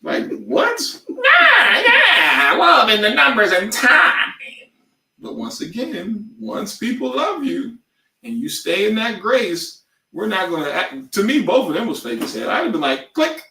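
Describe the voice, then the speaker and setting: A man co-hosting a podcast in casual chat, animated and prone to loud outbursts and impressions. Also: high voice, measured pace, creaky, reverberant, far from the mic. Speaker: podcast co-host.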